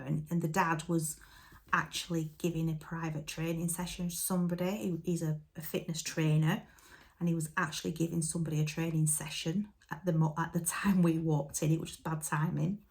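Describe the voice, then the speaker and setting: A woman tells a story to her camera in a chatty, casual way, with a fry running through her voice. Her voice sits a little low for a woman. She acts out what everyone said as she goes. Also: flat delivery, brisk, darkish tone. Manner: chatty, retells conversations with quoted dialogue. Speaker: vlogger.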